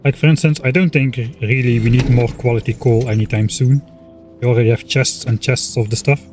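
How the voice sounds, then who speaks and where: Relaxed man thinking aloud while gaming. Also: mid-range voice, fairly quick, faint music behind. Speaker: streamer. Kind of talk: casual gameplay commentary.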